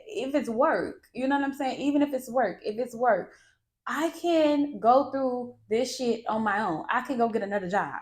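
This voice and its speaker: Blunt, animated woman podcaster. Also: on the high side. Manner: blunt and animated, swearing freely. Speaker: podcast host. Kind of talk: candid monologue.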